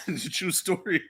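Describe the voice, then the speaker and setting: A man hosting a casual podcast chat, an animated storyteller who acts out the voices of people in his stories. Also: sits high, background noise. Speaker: host.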